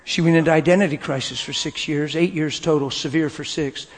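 Middle-aged preacher guy, emotional sermon, goes from whisper to shouting, big reverby hall. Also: fairly high pitch, steady tone, a little fast. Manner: emotional, swings from hushed to shouting. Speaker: pastor. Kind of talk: sermon storytelling.

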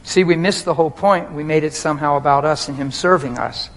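A man's voice: on the high side, a little fast, a bit bright, rough recording. A man, a pastor, preaching a personal and emotional sermon in a conversational way, often talking straight to the crowd.

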